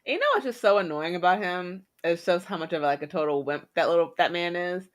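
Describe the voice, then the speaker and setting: A woman's voice: on the low side, brisk. A woman co-hosting a casual podcast chat, ranting emphatically and drawing out stressed words. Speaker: podcast co-host.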